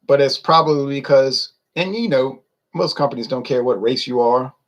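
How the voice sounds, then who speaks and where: A man's voice: medium pitch, moderate pace, muffled recording. Opinionated man ranting. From United States. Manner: opinionated, rambling, rhetorical questions. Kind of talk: casual rant to camera.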